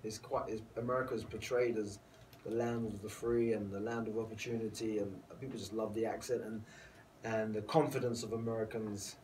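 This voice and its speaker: A man's voice: lowish voice, little pitch movement, fairly quick, a little mellow, distant mic, slight background noise, low-quality recording. A man with a London accent, a guest actor talking earnestly in a casual interview and laughing easily. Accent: London English. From England.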